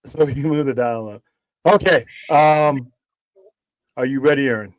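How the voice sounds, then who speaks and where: A man's voice: mid-range voice, moderate pace, dry recording, low-quality recording. Casual swearing man hosting a stream. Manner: rambling, swears freely. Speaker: livestream host. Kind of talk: casual chat.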